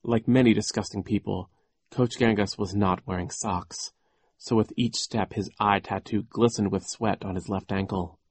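A man narrating an audiobook in a rather low voice, measured and deliberate in his storytelling. The recording is close and very dry. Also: steady tone, darkish tone, slightly rough, dry recording.

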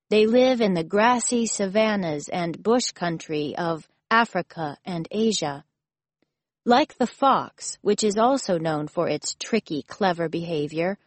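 A woman narrating a folk tale and an explanatory passage in a clear, measured reading. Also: mid-range voice, no room sound. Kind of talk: scripted storybook and nonfiction narration.

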